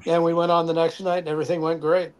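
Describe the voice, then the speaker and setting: A man's voice: fairly high pitch, fast talker. An older man, a former band member, telling stories in a casual interview and acting out the voices in them with chuckles. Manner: animated anecdotes with acted quotes and chuckles.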